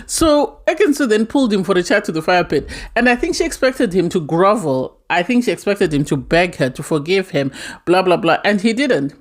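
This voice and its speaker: A woman's voice: medium pitch, animated, brisk. A woman hosting her own reality TV recap vlog, blunt and indignant, repeating her points for emphasis. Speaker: reality TV reviewer, channel host. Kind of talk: opinionated casual recap vlog.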